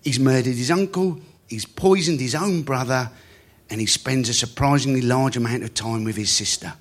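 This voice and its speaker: A man's voice: mid-range voice, normal speed. A man hosting a comedy show, doing a chatty stand-up monologue on stage that keeps asking "isn't it?". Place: stage before a live audience.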